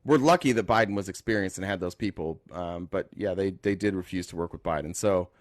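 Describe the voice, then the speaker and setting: A man hosting a live call-in political talk show, speaking casually, joking and thinking out loud as he reads the news. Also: low voice, brisk, no echo, studio quality. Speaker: host.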